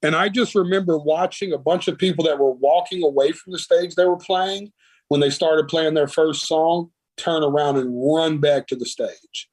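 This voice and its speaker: A man's voice: fairly high pitch, moderate pace, darkish tone, no room sound, poor audio. A man with a Southern US accent, telling rambling, folksy stories as a guest musician in a casual interview.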